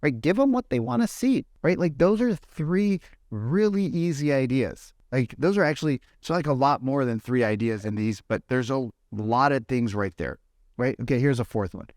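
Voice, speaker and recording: A young man coaching real estate agents on a podcast, animated and talkative, who keeps tagging his points with "right?" and acts out quoted voices. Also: medium pitch, normal speed, no echo, studio quality. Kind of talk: energetic podcast advice talk.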